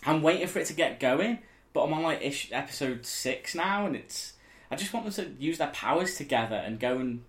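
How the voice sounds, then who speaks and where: A man's voice: a little high, lively intonation, brisk, fairly bright tone. A man co-hosting a casual podcast chat, teasing his co-host and laughing often. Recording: echoey room.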